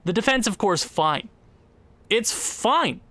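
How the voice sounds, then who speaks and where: A young man commenting on his own gameplay, sighing and exasperated, his voice jumping high when frustrated. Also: animated, slow, pushed and bright, no room sound. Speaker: gaming YouTuber.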